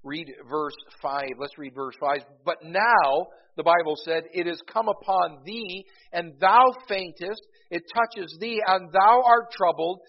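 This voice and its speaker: A man preaching a sermon in a conversational way, often repeating words as he goes and swelling louder for emphasis. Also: sits high, takes it slowly, few pauses, a little hiss or hum. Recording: dull, lo-fi recording.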